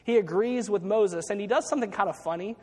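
A man's voice: high voice, quick pace, darkish tone, big-room sound. A man preaching a sermon, retelling a story with acted-out quotes and frequent restarts.

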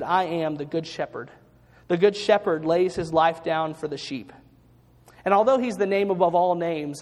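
An earnest male pastor preaching, his voice sitting a little high for a man. He restarts phrases and slows down to stress key words. His sermon rings out with a long reverb. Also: a little mellow.

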